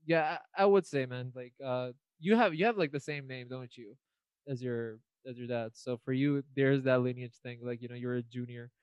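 Laughing often and leaning heavily on fillers, this young podcast co-host rambles through a casual chat. His mid-range voice moves at a moderate pace, a little mellow, clear and resonant; there's no echo, but the highs are cut off.

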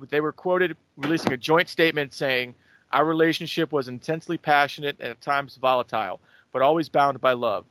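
Young male co-host, slightly high voice, dry close sound, loose profane chat. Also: fairly bright tone, no room sound. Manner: recapping a timeline, loose and profane. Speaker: podcast co-host. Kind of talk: casual chat.

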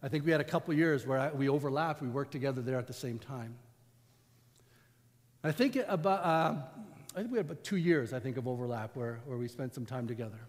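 A man's voice: medium pitch, fairly quick. A man, preaching a sermon as pastor in a conversational storytelling way. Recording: long hall reverb.

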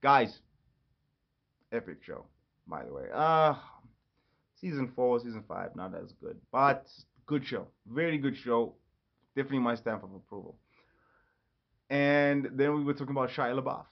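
A man hosting his own casual solo podcast, rambling and jumping quickly from topic to topic. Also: mid-range voice, expressive, creaky. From Ireland. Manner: rambling, jumps between topics. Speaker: podcast host. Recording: slightly dull lo-fi audio.

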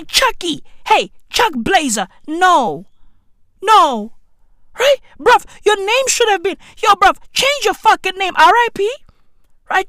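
A woman's voice: very high-pitched, fairly bright tone, no room sound, clean studio sound. A woman delivering a profane, exaggerated comedic rant to camera. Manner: profane, exaggerated, rapid-fire slang. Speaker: comic vlogger.

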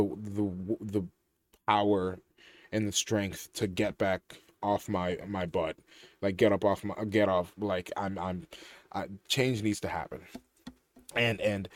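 A young man speaks straight to his listeners in a rambling, heartfelt way, often restarting his sentences. His voice sits a little low. The recording is dry and close, with no room sound. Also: fairly even intonation, slow pace, long pauses, dry recording. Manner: rambling, emotional, with many restarts and "like". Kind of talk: casual heartfelt monologue.

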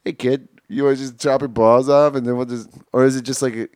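A man's voice: medium pitch, flat delivery, fast talker, a little mellow, no room sound, studio quality. A man co-hosting a casual podcast, teasing his partner with crude jokes and laughing often. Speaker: podcast co-host.

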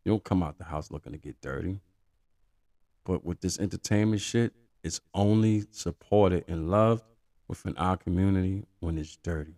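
A man's voice: sits low, moderate pace, dark tone. A middle-aged man hosting a podcast, giving blunt, profane opinions in casual street talk. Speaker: podcast host.

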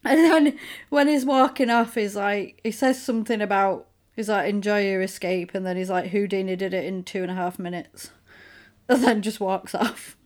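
Woman gabbing about a movie, does all the characters' voices, lively. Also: mid-range voice. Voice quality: animated storyteller, acts out characters' lines in quick voices. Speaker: podcast co-host recapping a film. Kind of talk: casual chat.

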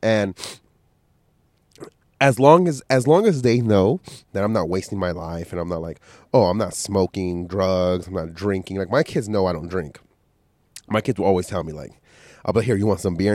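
A man with a lowish voice, fighting a cold with a stuffy nose and coughs, rambles bluntly and swears freely as he hosts a solo podcast. The sound is dry and close, with no room around it. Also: normal speed, warm tone, no echo. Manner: profane, blunt motivational rambling. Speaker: podcast host. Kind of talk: casual solo podcast monologue.

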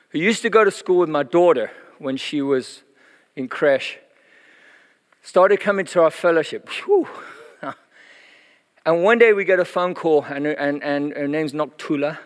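A middle-aged man preaches, telling his story in a lively, chatty way with many fillers. His voice sits fairly high for a man. The sound rings with a long reverb, as in a church hall. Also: unhurried, pauses often. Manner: animated, chatty, laughs often, many fillers. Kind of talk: sermon testimony storytelling.

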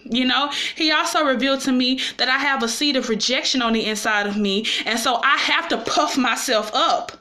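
A woman's voice: sits high, moderate pace, hardly any pauses, pushed and bright. A woman giving an informal, personal sermon, often checking in with her listeners as she speaks. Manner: personal and confessional. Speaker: preacher.

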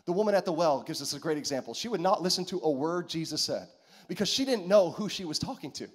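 A man preaching a sermon, animated and repetitive, calling out to the congregation. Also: a little high, fast, breathy edge. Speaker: pastor.

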